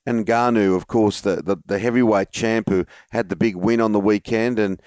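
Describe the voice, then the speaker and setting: A man hosting a sports podcast, leading the segments with brisk links and a few fillers. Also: on the low side, steady tone, a little mellow, dry recording. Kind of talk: casual sports chat.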